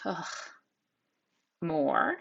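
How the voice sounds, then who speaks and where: Upbeat teacher woman, slow and gravelly. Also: low voice, lively intonation, fairly bright tone, lo-fi sound, a little hiss or hum. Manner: upbeat, encouraging, addresses children directly. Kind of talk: recorded spelling lesson. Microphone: tablet microphone.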